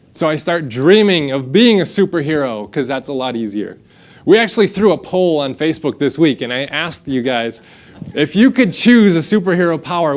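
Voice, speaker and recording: A man, preaching a sermon and telling a self-deprecating story that he acts out in quotes. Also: mid-range voice. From United States. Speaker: pastor. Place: church sanctuary.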